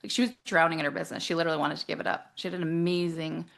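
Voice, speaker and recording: Woman coach, interview guest; lively, plays out quoted lines, laughs easily; slightly low, fry-edged voice. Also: very fast. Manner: animated, acts out quoted voices, laughs often. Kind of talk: casual interview talk.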